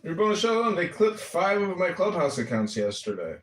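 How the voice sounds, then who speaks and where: A man hosting a casual live audio chat, upbeat with loud greetings and salesy banter. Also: high voice, big pitch swings, normal speed, a little hiss or hum. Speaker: host. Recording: echoey, from far off the mic.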